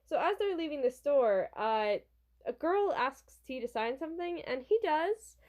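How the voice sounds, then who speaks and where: A woman's voice: high-pitched, lively intonation, a little slow, darkish tone. A young woman casually reviewing a manga from her college dorm room, chatty and rambling. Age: young adult. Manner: chatty and rambling, with restarts and fillers.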